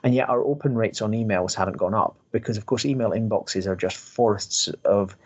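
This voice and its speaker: A man hosting an interview, thoughtfully summing up his guest's points in a measured way. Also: fairly low pitch. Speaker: podcast host from a recruitment industry body. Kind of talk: conversational interview.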